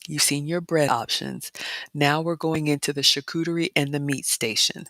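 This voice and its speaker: A woman vlogger chatting casually and reading viewer comments, dropping into excited whispers. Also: low voice, moderate pace, no echo. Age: adult mother. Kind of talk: casual chat narrating photos, reading live comments.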